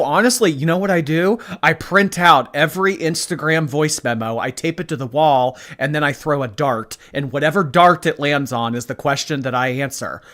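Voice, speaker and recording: A woman's voice: sits low, fairly bright tone. A woman hosting a reaction commentary, talking sarcastically, swearing and mocking in an innocent tone. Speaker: commentary host.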